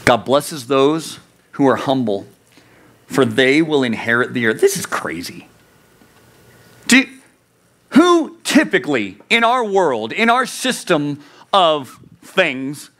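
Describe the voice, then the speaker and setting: A man's voice: sits high, sharp tone. A man preaching a youth sermon, earnest and conversational, asking the listeners rhetorical questions. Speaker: youth pastor.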